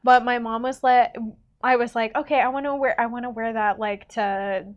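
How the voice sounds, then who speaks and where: A young woman with a fairly high voice reads a novel aloud to friends. She leans into the dialogue, drawing out lines with lively emphasis. Between passages she slips into easy, chatty talk. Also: moderate pace, lo-fi sound. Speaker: teacher and book-club co-host reading aloud. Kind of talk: casual read-aloud with chat.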